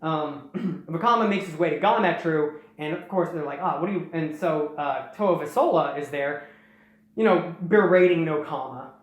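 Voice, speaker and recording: A young man hosting, casually recapping a story in a rambling way and slipping into quick snippets of character dialogue. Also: a little high. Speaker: host. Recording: very echoey room.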